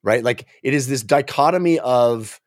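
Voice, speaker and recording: A man co-hosting a film podcast, ranting in an animated, exasperated way about a movie in casual review chat. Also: medium pitch, normal speed.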